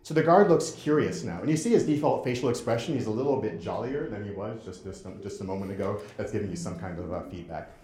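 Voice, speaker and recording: Male lecturer, low voice, halting with lots of restarts, roomy echoey sound. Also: animated, mellow. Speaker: presenter. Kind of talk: lecture with interactive game demo.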